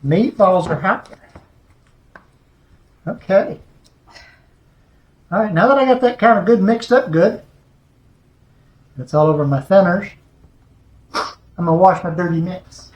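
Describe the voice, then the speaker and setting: A man's voice: sits high, measured pace, pauses often, muffled recording. A man hosting a home cooking video, talking the viewer through a recipe in a folksy, chatty way from his kitchen. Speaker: home cooking show host. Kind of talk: casual cooking demonstration. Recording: echoey room.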